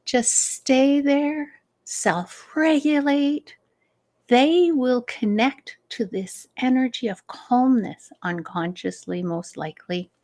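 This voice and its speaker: Slow, gentle woman coaching calmly. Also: sits high. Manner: gentle, unhurried coaching with easy laughs. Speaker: stress management coach. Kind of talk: live advice talk.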